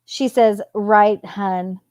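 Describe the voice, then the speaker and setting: A woman's voice: medium pitch, fairly even intonation, very slow, darkish tone, no echo. A woman casually reading out text messages at home, adding sarcastic asides between them. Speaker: true crime commentator reading text messages. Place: home with a cat nearby.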